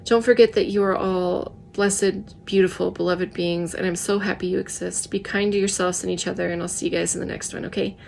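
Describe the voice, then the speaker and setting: A woman with a froggy, tired voice, talking softly and earnestly in a casual personal vlog. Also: lowish voice, fairly even intonation, a little fast, gravelly, few pauses, slight background noise. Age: adult with children. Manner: soft, earnest, self-reflective. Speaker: vlogger.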